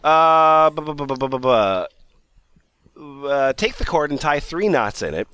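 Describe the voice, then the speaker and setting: A man reads a blog post aloud on a casual comedy podcast, breaking into giggles as he goes. His voice is bright and fairly high, with a lively, swinging pitch. The recording is dry and close, with almost no room sound. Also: unhurried, smooth, no room sound.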